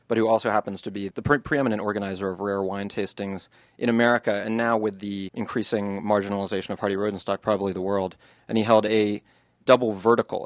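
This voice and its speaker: Man, low voice, author reading his book aloud, measured then chatty, dry close sound. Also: dry recording. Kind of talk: public book reading and audience Q&A.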